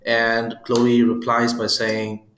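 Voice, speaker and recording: A man giving a screen-recorded software demo, talking his viewers through it with joking, chuckling asides. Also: medium pitch, monotone, takes it slowly, reverberant. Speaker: software presenter.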